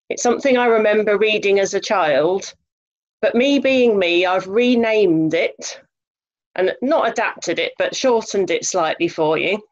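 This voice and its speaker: A woman reading a children's story aloud over a video call, lively, expressive and chatty. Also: mid-range voice, muffled recording.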